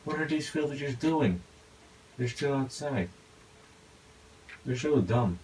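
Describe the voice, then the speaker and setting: A man giving casual gameplay commentary, talking to himself with excitable outbursts. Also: mid-range voice, takes it slowly, slight background noise, poor audio. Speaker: gaming YouTuber.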